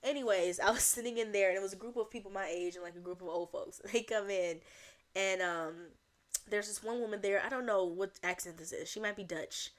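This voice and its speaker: A young adult woman hosting a solo comedic podcast, rambling and animated, laughing often as she rants. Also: medium pitch, a little fast. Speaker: podcast host.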